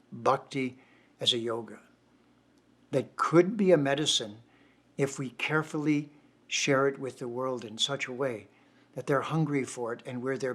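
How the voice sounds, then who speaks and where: An older man, a poet, closes a poetry evening with reflective, devotional words. His voice sits in a middle pitch, and he speaks in an easy storytelling way. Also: fairly bright tone. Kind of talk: closing remarks at an online poetry night.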